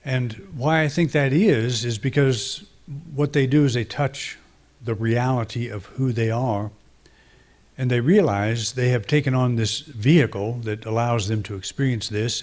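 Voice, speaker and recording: A man's voice: mid-range voice, fairly even intonation, normal speed, darkish tone. A man, a minister, preaching a conversational, reflective sermon with frequent restarts and fillers.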